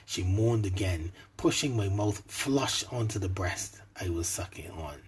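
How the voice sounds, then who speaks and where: A man narrating an adult story in a soft, intimate way, sometimes dropping to a whisper. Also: deep voice, animated, a little slow, breathy edge.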